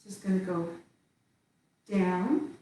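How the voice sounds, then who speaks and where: Slow, calm woman in an echoey room. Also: lowish voice, recorded from a distance, a little hiss or hum. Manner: calm, slow cues spoken while moving. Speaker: tai chi instructor. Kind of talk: calling out tai chi moves while demonstrating. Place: indoor room with little space. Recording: very echoey room, voice away from the mic.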